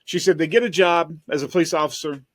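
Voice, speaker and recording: A man's voice: a little high, steady tone, quick pace, no room sound, clean studio sound. A man, a private investigator, telling stories on a podcast in a rambling casual way, often repeating words as he goes.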